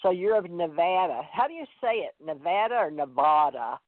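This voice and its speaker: A man's voice: sits high, very animated, brisk, no echo. Rambling man host on a tinny phone line. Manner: rambling, hesitant, many fillers. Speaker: radio show host. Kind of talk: casual call-in chat.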